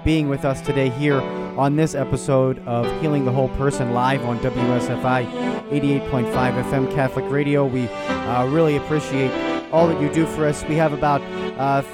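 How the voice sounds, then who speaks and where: A man's voice: medium pitch, fairly even intonation, normal speed, over loud music. A man hosting a live religious radio show, speaking politely with many hesitations.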